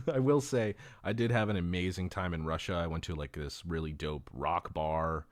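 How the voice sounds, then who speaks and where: A man's voice: low voice, moderate pace, dry recording, clean studio sound. A man in his thirties hosting a podcast, chatting casually, swearing often and laughing easily. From California. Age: 30s. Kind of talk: casual profane chat.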